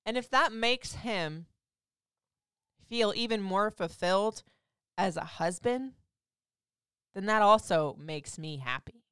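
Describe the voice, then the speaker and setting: Woman in her thirties, radio host, candid chat, smooth clear voice, dry close sound. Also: medium pitch, lively intonation, slow, long pauses, no echo. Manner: candid and chatty, swinging from loud emphasis to soft asides. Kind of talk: casual monologue.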